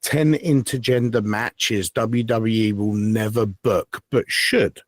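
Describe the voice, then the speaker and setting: A man's voice: fairly low pitch, no room sound. Rambling man on a podcast. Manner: rambling, halting, many ums and restarts. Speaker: podcast co-host. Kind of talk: casual chat. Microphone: podcast mic.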